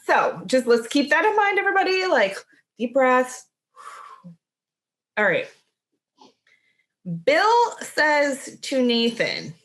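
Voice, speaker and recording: A woman's voice: sits high, wildly swooping pitch, slow, pauses often, fairly bright tone. A woman co-hosting a podcast in casual chat, talking in a chatty way with lots of "like" and restarts. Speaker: podcast co-host.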